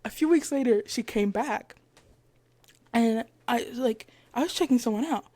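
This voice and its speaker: A woman's voice: on the high side, normal speed, dry recording. A woman in her twenties hosting her own podcast, casually retelling stories and acting out the people in them. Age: 20s. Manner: chatty, retells stories with lively quoted voices. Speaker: podcast host. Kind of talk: casual solo podcast chat. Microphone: headphones with mic.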